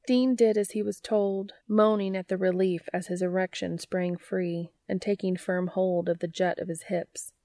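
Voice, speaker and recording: A woman narrating a story in an unhurried, even reading voice. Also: on the low side, dry recording, studio quality. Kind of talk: audiobook narration.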